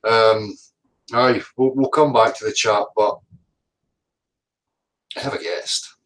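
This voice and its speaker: A man's voice: fairly low pitch, fairly bright tone. A Scottish man hosting a casual livestream chat, greeting viewers by name over a video call. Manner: chatty, reads out viewer names quickly. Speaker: livestream host.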